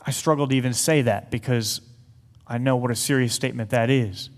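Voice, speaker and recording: A man's voice: medium pitch, brisk. A man giving an earnest sermon to an audience, telling a personal story with light humorous asides. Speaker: speaker to an audience. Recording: long hall reverb.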